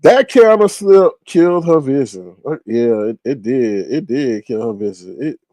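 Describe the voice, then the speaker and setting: A man's voice: medium pitch, expressive, moderate pace, warm tone, no room sound. A man hosting a casual livestream, chatting animatedly and reading viewer comments aloud. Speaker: livestream host. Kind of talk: casual live-stream commentary.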